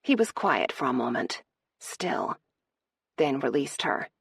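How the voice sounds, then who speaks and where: A woman narrates a romance audiobook in a steady, measured way. Her voice is very low, husky and a little gravelly. The read is dry and close to the mic. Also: dry recording.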